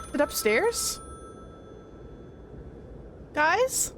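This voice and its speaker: A woman's voice: mid-range voice, animated, takes it slowly, pauses often, a little hiss or hum. A young woman streaming a horror game, jittery and talking to her chat as she checks things off aloud. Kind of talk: casual horror game let's play.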